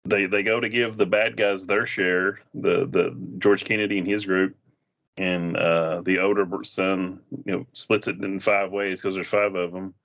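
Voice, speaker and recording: A man with a fairly low voice talks through a western in a relaxed review chat. He retells scenes and slips into the characters' lines. The sound is dull and lo-fi. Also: unhurried, creaky. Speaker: movie reviewer. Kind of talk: casual film review chat.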